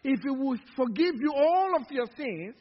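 This male pastor's very high voice swings widely in pitch as he preaches at a moderate pace, elongating words and using call-and-response. Recorded in a church sanctuary, the audio is dull and lo-fi with heavy hall reverb.

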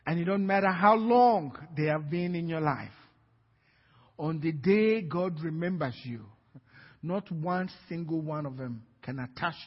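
Pastor, male, high husky voice, story-driven preaching, lo-fi recording with long hall reverb. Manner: storytelling with laughs, building to shouts. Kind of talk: sermon. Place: church hall.

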